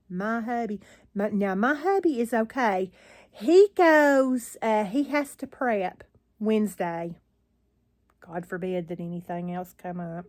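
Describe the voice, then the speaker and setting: A woman's voice: mid-range voice, darkish tone. Weary older woman chatting to her phone. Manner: rambling, weary, sighing. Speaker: vlogger. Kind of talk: casual chat to camera.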